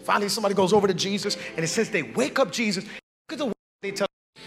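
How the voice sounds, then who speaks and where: A male pastor preaching a lively sermon, acting out everyday scenes and calling on the congregation to respond. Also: high voice, rapid-fire, faint music behind. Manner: animated, acts out everyday scenes and voices; calls for audience response.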